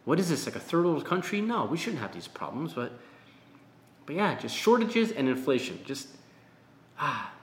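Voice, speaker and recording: A man's voice: a little high, very animated, moderate pace, long pauses, echoey room. A man talking straight to camera in a frustrated, ranting monologue, often repeating words and swearing. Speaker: vlogger.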